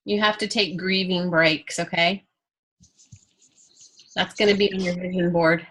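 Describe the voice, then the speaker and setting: A woman's voice: on the low side, steady tone, unhurried, a bit bright, a little hiss or hum. A woman teaching an art class in a casual, chatty way, candid and joking, with playful asides.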